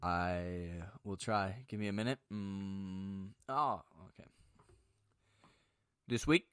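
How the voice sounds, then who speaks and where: A young man co-hosting a podcast, jokey and animated, who tends to repeat himself. His voice sits on the low side. The sound is dry and close. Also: takes it slowly, clear, resonant tone, no echo. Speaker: podcast co-host. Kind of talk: casual chat.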